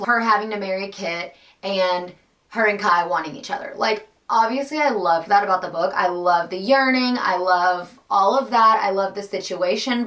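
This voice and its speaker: A woman's voice: medium pitch, fairly bright tone. A young woman in her twenties chatting casually in a reading vlog, reacting dramatically and gushing about a book. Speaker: book vlogger.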